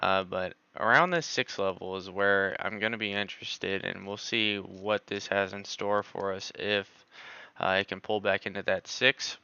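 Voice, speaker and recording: A man's voice: sits low, fairly even intonation, moderate pace, gravelly, bright, forceful tone, clear, resonant tone, no echo, muffled recording. A man doing live stock market analysis on a stream, thinking aloud with many filler words.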